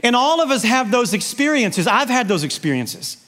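High-voiced emphatic pastor preaching. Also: male voice, big pitch swings, normal speed, a bit bright. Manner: emphatic, varies pace, asks the congregation questions. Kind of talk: sermon.

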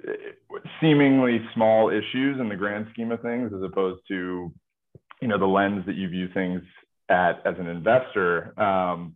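Deep-voiced man on a tinny line. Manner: relaxed, full of filler phrases. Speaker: company executive guest. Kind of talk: conversational interview answers.

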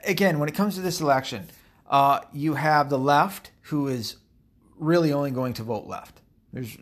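Male commentator, mid-pitched, sarcastic and foul-mouthed, loose rambling delivery. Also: a bit bright. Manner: profane, sarcastic, rambling with many fillers. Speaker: political commentator. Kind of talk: casual ranting commentary.

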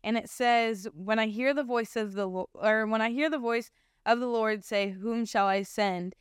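A woman's voice: fairly high pitch, steady tone, moderate pace, clean tone, no echo, studio quality. A young adult woman sharing her personal Christian testimony in a casual, heartfelt way, often saying "like". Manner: casual, heartfelt, heavy use of "like".

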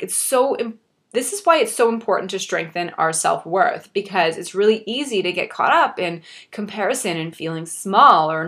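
A young woman talks straight to her listeners in a motivational podcast monologue. She is earnest and encouraging, and she reflects openly on her own doubts. Her voice sits in a middle pitch. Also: fairly bright tone. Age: young adult. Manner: speaks directly to the listener. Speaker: podcast host.

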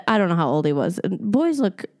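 Animated woman telling a crude road story. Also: on the low side, a little fast. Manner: animated, laughing, profane. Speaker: podcast co-host. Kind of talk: casual comedic storytelling.

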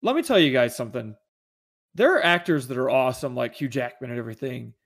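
A man's voice: medium pitch, lively intonation, quick pace, fairly bright tone. A man chatting casually about movies as a podcast co-host, rambling and enthusiastic, with many restarts.

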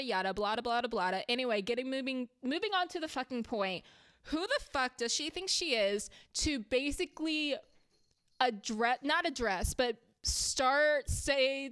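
A woman talking casually and heatedly through a reality TV recap, chatty and quick to swear when annoyed. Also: high voice, fairly bright tone, clear, resonant tone, no echo.

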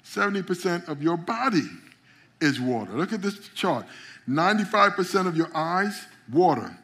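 A man preaching a sermon with a somewhat higher-pitched voice. He builds to emphatic, rising peaks and calls out to his congregation. He often trips over repeated words as he goes. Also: big pitch swings, moderate pace, fairly bright tone. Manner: frequent stammered repeats. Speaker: pastor.

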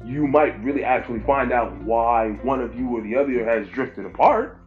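A man in the middle of the male pitch range preaches informally, pressing his points by repeating whole phrases. The recording is dull and lo-fi, with faint music playing behind him. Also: animated, moderate pace. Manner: emphatic, repeats phrases for stress. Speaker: pastor.

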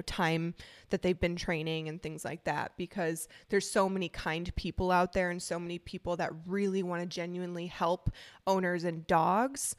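Chatty woman dog trainer, frank talk. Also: lowish voice. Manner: chatty, frank, with many fillers. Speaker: podcast co-host and dog trainer. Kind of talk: casual podcast chat.

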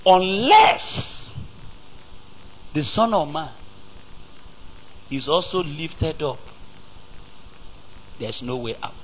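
Male preacher, Nigerian English accent, slow deliberate delivery, fairly high voice, rhetorical questions, faint noise behind. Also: lively intonation, low-quality recording. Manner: slow, emphatic preaching with rhetorical questions and sudden loud rises. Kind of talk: sermon.

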